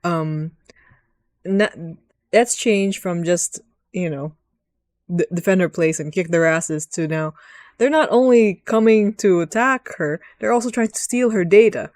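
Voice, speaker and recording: A woman's voice: on the low side, measured pace, darkish tone, no echo. A woman giving rambling, giggly gaming commentary as host, swearing freely.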